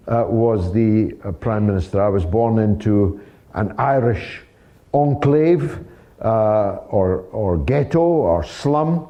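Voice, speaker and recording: Unhurried Scottish man telling stories. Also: medium pitch, dark tone, dull audio. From Dundee, Scotland. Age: 60s. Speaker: host of a talk show. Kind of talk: storytelling talk to a live audience.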